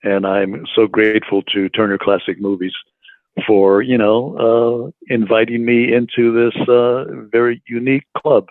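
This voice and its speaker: A man in his eighties, a guest in an interview, speaking slowly and haltingly, repeating words and filling pauses. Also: mid-range voice, little pitch movement, dry recording. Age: 80s. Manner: slow, halting, repeats words with many fillers. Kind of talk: casual interview. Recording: phone-like remote call audio.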